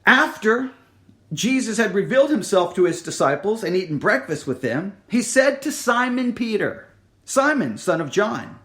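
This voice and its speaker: Man, high-pitched voice, sermon, dramatic rises and hushed drops, repeats himself. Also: very animated, normal speed. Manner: dramatic, drops to near-whisper for emphasis, then rises; repeats words and restarts. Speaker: preacher.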